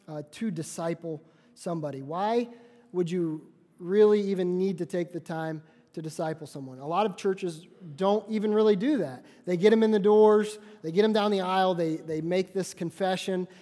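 A man's voice: high-pitched, dark tone. A man preaching a sermon in a conversational way, often repeating and restarting his phrases. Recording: long hall reverb.

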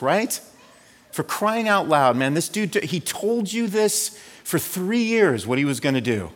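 A man's voice: on the high side, sing-song, unhurried. Conversational male pastor in a reverberant hall. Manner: conversational, asks "right?" often. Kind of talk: sermon.

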